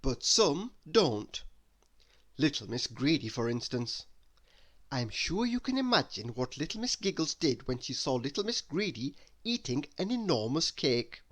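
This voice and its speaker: Lively man reading a bedtime story. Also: mid-range voice, moderate pace. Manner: animated, asks the listener questions. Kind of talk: bedtime story read-aloud.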